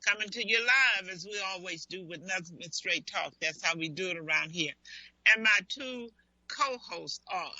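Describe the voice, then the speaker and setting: A woman's voice: on the low side, expressive, moderate pace, bright, forceful tone, dry recording. A woman hosting a live internet radio talk show, chatting playfully and talking straight. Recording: dull dry lo-fi audio.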